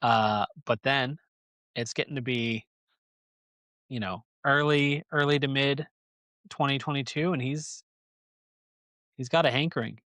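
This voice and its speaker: A man's voice: mid-range voice, measured pace, pauses often, a bit bright, no echo. A man hosting a podcast, telling a story casually in a rambling, joking way. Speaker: podcast host. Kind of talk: casual chat.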